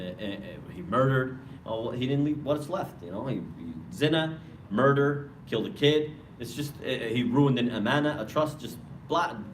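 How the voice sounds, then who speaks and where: A young man giving a casual, animated religious lecture, retelling a story to students on campus. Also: medium pitch. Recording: roomy hall, mic far off, faint noise.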